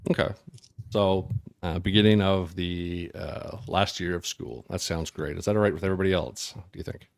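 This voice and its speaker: A man's voice: low voice, fairly even intonation, normal speed, creaky, no echo, studio quality. A man running a tabletop game as game master, asking his players easygoing questions.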